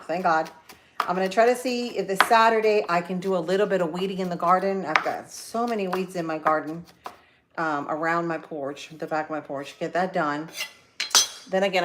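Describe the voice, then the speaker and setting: A middle-aged woman talks to her live viewers as she cooks in her kitchen, rambling from one errand to the next. Her voice sits a little low and is full of fillers and asides. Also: background noise. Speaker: cooking vlogger on a live stream. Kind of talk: casual chat while cooking. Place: home kitchen.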